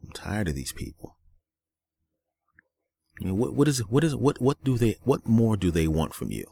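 A man's voice: fairly low pitch, big pitch swings, moderate pace, creaky, mellow, breathy edge. A man hosting a solo podcast, ranting in a weary, angry way, with a lot of profanity and repetition. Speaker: podcast host.

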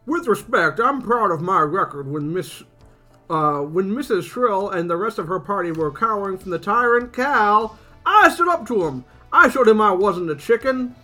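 A man's voice: high-pitched, animated, moderate pace, bright, forceful tone, faint music behind. A man voicing a portly, balding middle-aged mayor defending his record. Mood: defensive.

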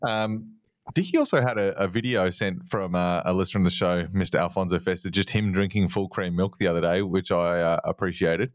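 Aussie bloke on a podcast, lowish voice, dry close sound, rambly teasing stories. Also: male voice, fairly quick, no room sound. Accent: Australian. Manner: rambling, ribbing storyteller. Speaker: podcast co-host. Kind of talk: casual podcast banter.

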